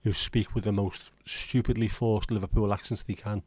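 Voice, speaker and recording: Chatty low-voiced English man. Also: flat delivery, moderate pace, a little mellow, husky, no room sound. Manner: rambling, chatty, reads out viewer comments. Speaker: livestream host. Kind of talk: casual livestream chat.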